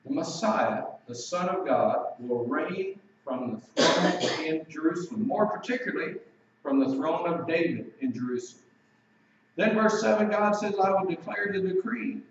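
Heard from some distance in a very echoey space, an emphatic male preacher with a slightly high voice delivers a sermon. He slows down for scripture readings, and the recording sounds dull and muffled.

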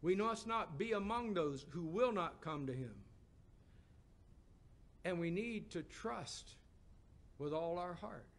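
A middle-aged man preaching a sermon, asking the congregation emphatic questions and dropping to a hushed voice for stories. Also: sits high, expressive, slow, long pauses.

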